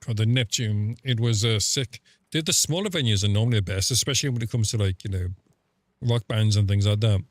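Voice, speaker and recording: A man's voice: on the low side, brisk, no room sound. A man chatting casually on a game stream, telling rambling, sweary stories full of fillers. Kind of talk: casual live-stream chat.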